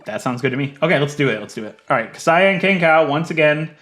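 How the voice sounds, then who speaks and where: A man giving casual gameplay commentary, chatty and thinking aloud, swinging from low muttering to loud mock outrage. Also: animated, quick pace, faint music behind. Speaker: let's play gaming creator.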